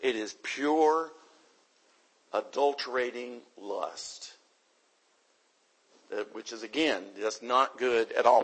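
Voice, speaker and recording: A man's voice: mid-range voice, a bit bright, husky, rough recording. A man from the United States preaching an emphatic sermon into a microphone, repeating his key points for stress.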